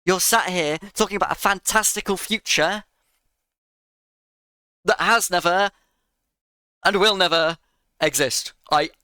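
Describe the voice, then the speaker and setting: A man's voice: sits high, unhurried, long pauses, sharp tone, clean tone, dry recording. A man giving a sarcastic, exasperated reaction rant to another creator's video.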